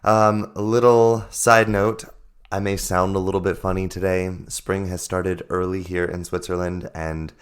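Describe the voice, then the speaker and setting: A man hosting a solo podcast, hoarse from losing his voice, explaining ideas earnestly and repeating his points for emphasis. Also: deep voice, flat delivery, moderate pace. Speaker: podcast host and life coach.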